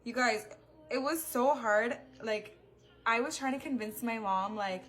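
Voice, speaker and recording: A woman's voice: on the high side, moderate pace, fairly bright tone. Chatty young woman telling a story. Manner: chatty, full of "like" fillers. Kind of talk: casual storytime while getting ready.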